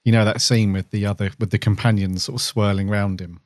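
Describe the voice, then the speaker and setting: Low-voiced, easygoing man. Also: fairly quick, no room sound, studio quality. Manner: relaxed, easygoing, agreeable. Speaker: podcast co-host. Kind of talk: casual chat.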